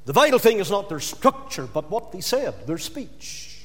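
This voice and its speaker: A man preaching a sermon, emphatic and building to loud, repeated stresses, in a church or hall. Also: high-pitched, expressive, moderate pace, few pauses. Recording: long hall reverb.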